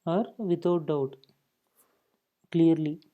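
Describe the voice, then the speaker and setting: A man's voice: on the high side, takes it slowly, phone-quality sound. A man teaching a grammar lesson, explaining points and often saying "okay" between them. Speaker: English teacher.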